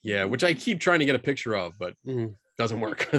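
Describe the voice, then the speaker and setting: Interview guest, man, mid-range voice, lively storyteller, dry close sound. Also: medium pitch, normal speed, no echo. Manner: chatty, animated storyteller with frequent restarts. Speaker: guest, skeptical paranormal investigator.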